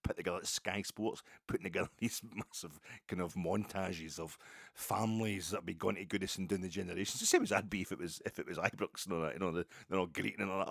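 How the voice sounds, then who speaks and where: A Scottish man with a notably low voice, talking at length on his own podcast in a loose, wandering way and drifting into side remarks. The recording sounds close and very dry. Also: fairly even intonation, quick pace, vocal fry, fairly bright tone, no room sound. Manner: rambling, digressive, chatty with asides. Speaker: podcast host. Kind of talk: solo football podcast monologue.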